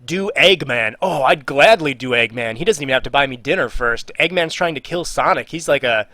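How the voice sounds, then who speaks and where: A man's voice: mid-range voice, animated, brisk, bright, forceful tone, no room sound. A man on a live stream, reading out viewer questions and answering with jokes, trailing off and muttering while he works. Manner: jokey, reads viewer questions aloud. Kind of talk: casual live-stream chat.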